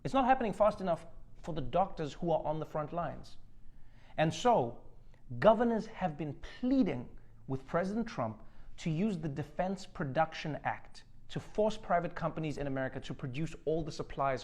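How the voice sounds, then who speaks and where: Comedy news host: a man with a slightly high voice, sarcastic punchlines. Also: animated, normal speed, a little mellow. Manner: joking, sarcastic delivery with acted-out bits. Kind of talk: satirical news monologue.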